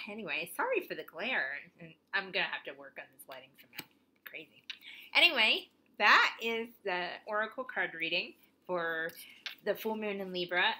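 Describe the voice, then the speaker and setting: A woman hosting her own oracle card vlog, talking casually to the camera with gentle encouragement and stumbling over her words in bloopers. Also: on the low side. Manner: gentle, encouraging sign-offs. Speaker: oracle card reader and channel host.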